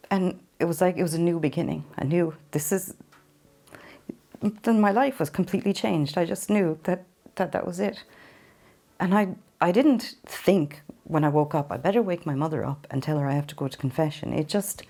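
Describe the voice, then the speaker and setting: Low-voiced woman telling a personal story. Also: warm tone. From Ireland. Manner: earnest, halting storytelling with restarts. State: emotional at times. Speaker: interview guest. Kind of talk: personal testimony.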